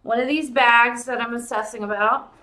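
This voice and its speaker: A woman hosting a casual live-stream jewelry sale, excitable and gushing, calling out viewers by name and sounding giddy and tired late at night. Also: fairly high pitch, normal speed, slight background noise.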